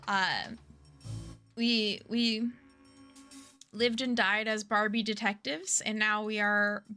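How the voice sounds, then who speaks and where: A woman's voice: medium pitch, fairly even intonation, slow, pushed and bright, smooth, soft background music. A woman streaming a mystery game, chatting casually, reading chat aloud and reacting with gasps and laughs.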